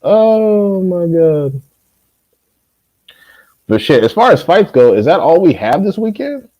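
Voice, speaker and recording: A man's voice: a little high, huge pitch swings, fairly quick, slightly rough, no echo, highs cut off. A man hosting a casual chat, telling stories with profanity and frequent laughs. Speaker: podcast host.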